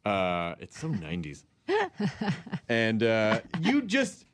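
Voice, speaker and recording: A man hosting a relaxed chat, quick to laugh and casual with his swearing. His pitch moves around a lot as he talks, rising and falling all over. The tone is loose and easygoing. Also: dry recording. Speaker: host.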